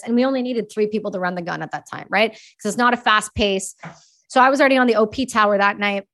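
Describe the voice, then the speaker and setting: A woman from Canada in her thirties, a podcast guest telling stories candidly and casually, swearing freely and talking quickly. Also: mid-range voice, fairly bright tone. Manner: candid, profane, quick-talking, voices quoted people. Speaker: podcast guest, army veteran. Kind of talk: casual storytelling.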